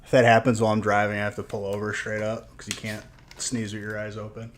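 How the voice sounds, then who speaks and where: A man's voice: fairly low pitch, monotone, quick pace, a little hiss or hum. A man with a stuffy nose chatting casually on a live stream while opening trading card packs and thanking viewers.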